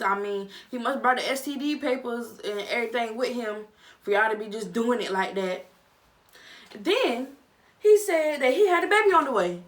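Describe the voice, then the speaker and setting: A young woman vlogger giving a casual, chatty review, with animated, dramatic reactions. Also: a little high, distant mic. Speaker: vlogger reviewing a reality show. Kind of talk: casual chat.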